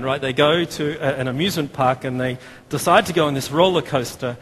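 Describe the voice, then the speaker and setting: A man's voice: medium pitch, moderate pace, few pauses, a bit bright. Chatty Australian man preaching in a hall. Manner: chatty and self-deprecating, with many fillers and restarts. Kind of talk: sermon. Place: church. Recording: long hall reverb, faint room noise.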